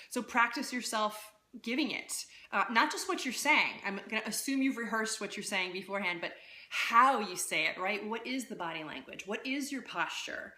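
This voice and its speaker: A woman coaching public speaking in a casual live-streamed talk, lively and conversational, often checking in with "right?". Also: mid-range voice, roomy sound. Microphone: phone.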